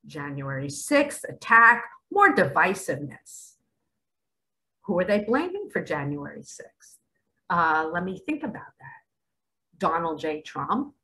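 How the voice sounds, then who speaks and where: A middle-aged woman delivering spiritual commentary with real fervor. Her bright voice swoops widely as she leans hard on her points and lingers over her words, now and then sinking to a whisper. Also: medium pitch, low-quality recording. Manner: emphatic and dramatic, at times dropping to a whisper. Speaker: spiritual vlogger.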